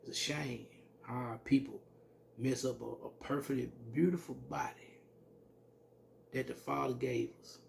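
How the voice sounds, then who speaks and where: Man, gravelly voice, blunt informal scripture teacher, slow verse reading, faint background noise. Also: medium pitch, steady tone, darkish tone. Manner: blunt, salty, reads verses slowly then comments. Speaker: religious teacher.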